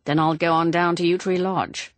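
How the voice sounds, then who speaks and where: A woman's voice: lowish voice, level tone, no room sound, pitched above the performer's own voice, lightly acted. A woman voicing a firm, protective man. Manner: firm, measured. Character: guarded, protective grown son.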